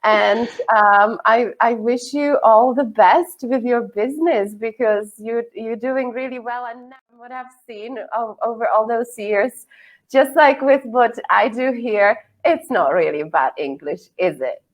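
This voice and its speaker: Female interview host, easygoing and halting, voice a touch high. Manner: warm, hesitant with many fillers. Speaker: interview host, English teacher. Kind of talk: casual interview chat.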